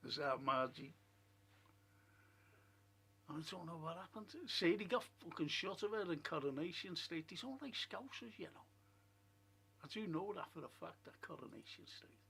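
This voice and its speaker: A man's voice: a little high, animated, moderate pace, creaky, long pauses, fairly bright tone, slightly rough. A man hosting a casual live stream, chatting in a rambling way, musing aloud and reading out viewer comments. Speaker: livestream host. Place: at home.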